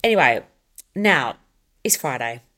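A woman's voice: very deep voice, big pitch swings, measured pace, fairly bright tone. A young adult woman hosting a casual solo podcast, chatty and upbeat with rambling asides. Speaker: podcast host.

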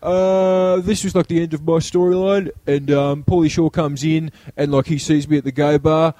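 A man's voice: on the high side, steady tone, normal speed, dark tone, no room sound. An Australian man co-hosting a podcast, telling anecdotes in casual chat, laughing often and acting out his friends' lines. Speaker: podcast co-host.

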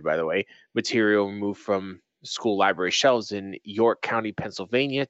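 A man's voice: on the low side, a bit bright, no echo, highs cut off. A young man co-hosting a casual podcast, reading a news article aloud and breaking off into swearing asides. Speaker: podcast co-host.

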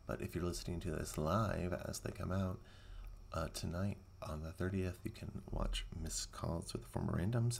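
A podcast host talks through a movie in casual, excitable bursts, full of sarcastic asides. His voice sits very low. It carries a rough, gravelly fry. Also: a little hiss or hum. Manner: excitable, sarcastic running reactions. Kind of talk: casual movie-watching commentary.

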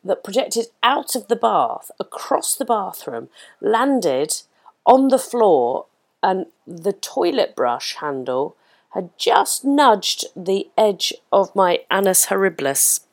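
Woman, English accent, comic podcast host, bawdy exclamations, very animated pitch, dead dry room. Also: takes it slowly, dry recording. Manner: bawdy, exclaiming, laughing at her own jokes. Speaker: podcast host reading listener messages. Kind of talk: casual comedic chat. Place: hotel room.

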